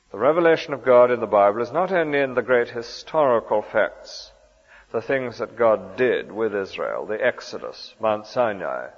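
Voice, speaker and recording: Earnest man preaching in a reverberant hall. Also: medium pitch. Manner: earnest, emphatic preaching with rhetorical questions. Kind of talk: sermon. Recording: dull sound with long hall reverb.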